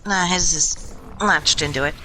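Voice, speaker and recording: A young adult woman casually telling a long, rambling story over game voice chat, chatty and animated, swearing freely. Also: on the low side, a little slow, rough recording. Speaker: gaming group member. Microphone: headset or desk mic in online voice chat.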